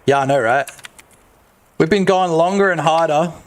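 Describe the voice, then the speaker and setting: Australian male streamer, 30s, high voice, jokey and profane, loud outbursts, noisy mic with key clicks. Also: normal speed. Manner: joking, swears, bursts into loud shouts. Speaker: game dev streamer. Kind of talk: casual live-stream chat.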